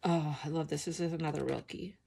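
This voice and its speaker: A middle-aged woman with a sleepy morning voice, chatting softly and emotionally as she flips through her art journal, with many ums. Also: deep voice, steady tone, fairly quick, vocal fry, background noise. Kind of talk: casual flip-through chat.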